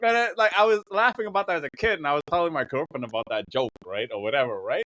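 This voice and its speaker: A man's voice: on the high side, animated, racing, pushed and bright, dry recording, rough recording. A man on a podcast, telling rambling, raunchy stories in casual chat and laughing often mid-sentence. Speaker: podcast host.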